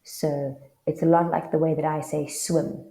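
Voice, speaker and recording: A woman's voice: low-pitched, little pitch movement, unhurried, vocal fry, mellow, reverberant. A South African woman with a South African English accent, teaching a casual online language lesson and often checking in with the viewer.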